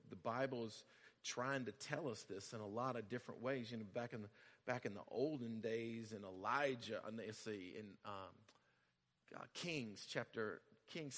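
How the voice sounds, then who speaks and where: A male pastor giving a conversational sermon, repeating phrases and building to loud emphasis. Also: mid-range voice, in a large hall.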